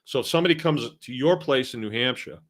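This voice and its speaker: A man's voice: medium pitch, fast, fairly bright tone. A middle-aged man from Massachusetts hosting a casual live stream, reading viewer comments aloud and rambling along with chuckling asides. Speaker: host.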